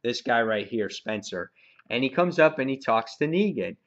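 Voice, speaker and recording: A man's voice: mid-range voice, animated, moderate pace, muffled recording. A man casually reviewing a comic book on video, rambling with lots of fillers and slang.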